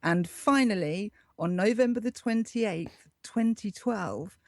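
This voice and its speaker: A woman's voice: mid-range voice, slow, a little mellow, dry recording, studio quality. A woman who is the show's correspondent, hosting a casual podcast segment and reading quirky facts aloud in an upbeat way. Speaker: show correspondent.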